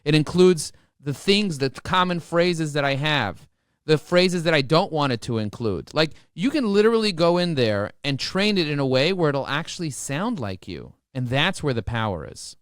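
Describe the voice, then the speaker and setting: A man talking as a podcast guest, emphatic and motivational, often repeating words as he rushes ahead. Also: fairly high pitch, clean tone, no room sound, clean studio sound. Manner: repeats words when excited. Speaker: podcast guest, marketing expert. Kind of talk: energetic podcast interview.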